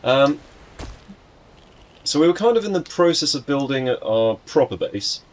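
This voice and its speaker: A man's voice: fairly high pitch, lively intonation, unhurried. A young man chatting casually to his live chat as he streams a game, greeting viewers by name and joking around.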